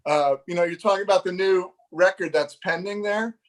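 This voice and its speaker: A middle-aged man tells a fishing story in a high, bright voice. He keeps laughing and acts out what everyone said in the story, loose and chatty as a live-show guest. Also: fairly quick. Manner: animated, laughing, acts out dialogue. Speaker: fishing magazine editor, guest.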